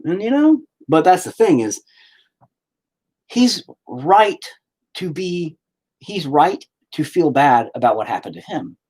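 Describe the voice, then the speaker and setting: Live streamer, male, husky voice, very lively intonation, heated and profane, casual storytelling. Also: on the high side, slow pace, long pauses.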